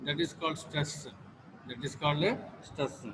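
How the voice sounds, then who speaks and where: A male teacher with an Indian English accent giving an online class lecture, halting, repeating each sentence and filling pauses with "uh". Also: on the high side. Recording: echoey room with steady background noise.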